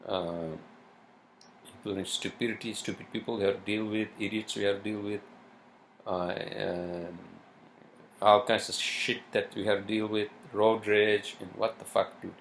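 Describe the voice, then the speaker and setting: A podcast host with a lowish, fairly bright voice and vocal fry delivers a rambling solo monologue at normal speed. His intonation stays fairly even as he meanders, swears, and leans on fillers, with slight background noise behind him.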